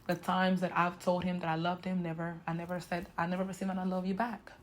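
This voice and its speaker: A woman's voice: fairly low pitch, little pitch movement, fast talker, a little hiss or hum. A woman in her twenties telling a painful personal story to her viewers, frank and emotional, often addressing them directly. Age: 20s. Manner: emotional, frank, talks straight to viewers with "y'all" and "you know". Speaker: vlogger. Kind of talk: candid personal story told to camera.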